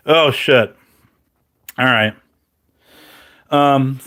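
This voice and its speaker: A man chatting with viewers on a live stream, rambling and self-mocking with halting restarts and frequent laughs, his mouth dry and his voice turning crackly. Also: mid-range voice, sharp tone.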